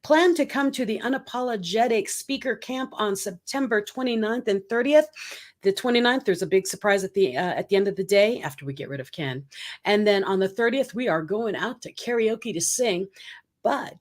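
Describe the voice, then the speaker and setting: A woman's voice: medium pitch, expressive, normal speed. A woman co-hosting a podcast in casual chat, upbeat and chatty as she promotes events and signs off. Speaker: podcast co-host.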